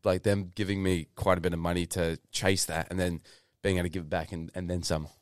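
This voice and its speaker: A man's voice: sits low, level tone, brisk, no echo, clean studio sound. A man in his twenties with an Australian accent, telling stories in a loose, rambling way as a podcast guest, with many fillers and restarts. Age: 20s. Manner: rambling, lots of fillers and restarts, swears casually. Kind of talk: casual interview storytelling.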